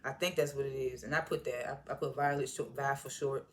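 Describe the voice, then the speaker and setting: A woman casually recapping and reviewing a TV episode, animated and slangy, with indignant asides as she retells the scenes. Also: extremely low pitch, fairly quick. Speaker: TV show reviewer.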